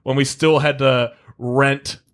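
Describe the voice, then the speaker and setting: A young man, a band member guest on a podcast, chatting in a relaxed, wry way. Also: medium pitch, slow pace. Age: young adult. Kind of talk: casual interview chat.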